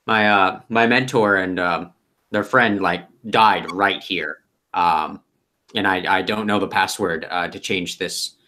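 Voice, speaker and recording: A man's voice: on the low side, bright, forceful tone. A man playing laid-back young fey Nino. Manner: rambling, hesitant, laid-back. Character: young easygoing fey tower dweller, aged fast.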